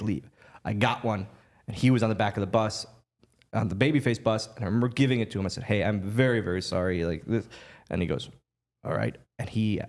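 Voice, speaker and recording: Animated man telling stories with laughs. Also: lowish voice. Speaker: podcast guest. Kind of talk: storytelling on a podcast.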